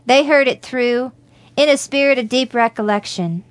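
A woman reading a religious story aloud in a measured, gentle storytelling manner. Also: high voice, dry recording. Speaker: narrator.

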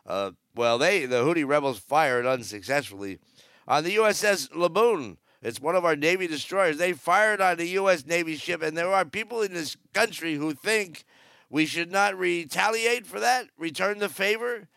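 A man's voice: fairly high pitch, expressive, moderate pace, fairly bright tone, clear, resonant tone, no echo, clean studio sound. A man in his seventies hosting a podcast, giving blunt, rambling, sarcastic news commentary. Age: 70s. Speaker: podcast host. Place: aboard a cruise ship.

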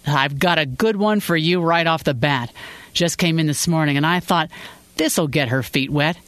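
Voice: medium pitch, normal speed, a bit bright, no room sound, natural voice. A narrator doing a brash joking law boss, man. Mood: brusque joking. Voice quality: bossy, teasing. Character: brash joking male senior law partner. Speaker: senior partner.

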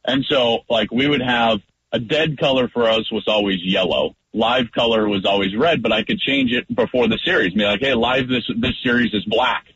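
A former quarterback talks football on a sports radio show and keeps acting out his calls at the line, his voice leaping up when he does. His voice sits in a middle pitch range. The audio is a little dull and lo-fi. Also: moderate pace, gravelly, a little hiss or hum. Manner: lively, acts out line calls loudly. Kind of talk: animated sports talk.

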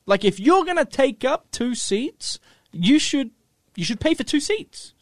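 A man's voice: very high voice, sing-song, measured pace, no room sound, studio quality. A man co-hosting a casual talk show, tentative and often second-guessing himself. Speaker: co-host. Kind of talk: casual chat.

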